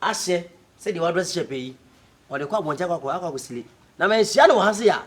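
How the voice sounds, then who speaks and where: A comic actor with a Ghanaian accent bantering fast and teasingly in a comedy skit. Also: mid-range voice, lively intonation. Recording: faint background noise.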